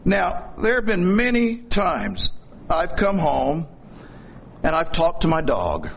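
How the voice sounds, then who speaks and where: A man's voice: fairly high pitch, very animated, slow, creaky. A middle-aged man preaching a sermon in a folksy, storytelling way, with corny jokes.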